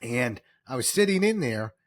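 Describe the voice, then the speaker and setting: Animated middle-aged man telling stories. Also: medium pitch, moderate pace, no echo, clean studio sound. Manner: animated, acts out quoted voices, gets emotional. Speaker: guest, author and speaker. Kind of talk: storytelling interview answers.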